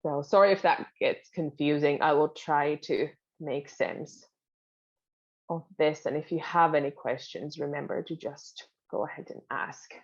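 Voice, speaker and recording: A woman teaching pronunciation at an unhurried, careful pace, repeating words patiently. Her voice sits a little low. The recording sounds dull and lo-fi. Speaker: Finnish language teacher. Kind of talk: pronunciation lesson.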